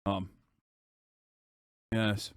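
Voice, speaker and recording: A man's voice: drawn-out words, no echo, studio quality. A man doing a mock impression of a stuffy upper-class English politician in a put-on posh accent, hesitant and full of ums. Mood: mock-pompous. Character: posh stuffy British male politician, halting.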